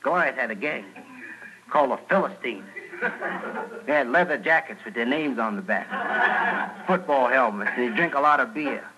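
A comedian telling a Bible story as a jive street tale, with shrill put-on screams for the characters. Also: male voice, animated, normal speed, pauses often, highs cut off, over a noisy crowd. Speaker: stand-up comedian. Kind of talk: stand-up storytelling. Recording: noisy old radio broadcast.

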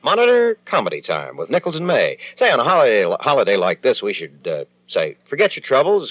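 A man's voice: mid-range voice, wildly swooping pitch, brisk, few pauses, fairly bright tone, dry recording, muffled recording. Jaunty vintage radio announcer man.

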